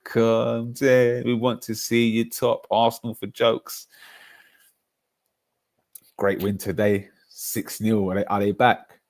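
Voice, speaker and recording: A young man with a low voice, bantering with his chat on a football stream. He talks in slangy, excitable bursts, and the sound is dry and close, with no room around it. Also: takes it slowly, pauses often, dry recording.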